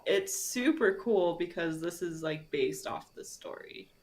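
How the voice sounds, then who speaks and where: A woman co-hosting a podcast in casual chat, giggly and animated, laughing easily. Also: fairly low pitch, unhurried. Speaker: podcast co-host.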